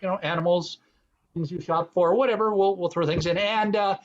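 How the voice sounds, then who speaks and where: A man's voice: sits high, fairly even intonation, brisk, highs cut off. A man hosting an online improv comedy game, explaining rules with plenty of fillers. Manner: rambling, many fillers. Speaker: improv show host.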